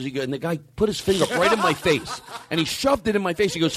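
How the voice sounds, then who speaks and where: Animated, profane comic podcast host, a man. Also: sits high, fast talker, hardly any pauses, a crowd in the background. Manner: profane, animated, jumps between loud and quiet. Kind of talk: casual comic storytelling.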